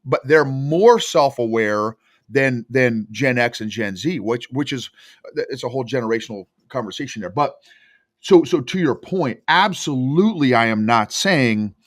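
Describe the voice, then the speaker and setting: A man's voice: mid-range voice, moderate pace, no room sound, clean studio sound. A man who coaches emotional intelligence, telling stories emphatically in a podcast interview. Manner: emphatic, animated storytelling.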